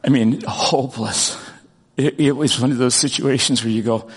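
Middle-aged pastor telling a story in a reverberant hall. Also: male voice, medium pitch, moderate pace, slightly rough. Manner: earnest, animated storytelling with restarts. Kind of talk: storytelling sermon.

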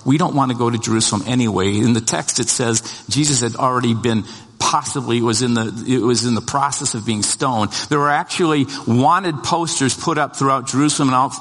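A male pastor preaching a sermon in a conversational, storytelling way, voicing the lines of the people in the story and building to emphatic peaks. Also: a bit bright. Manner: conversational storytelling, restarts, voices the disciples' lines; rises in pitch and volume to emphatic peaks. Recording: long hall reverb.

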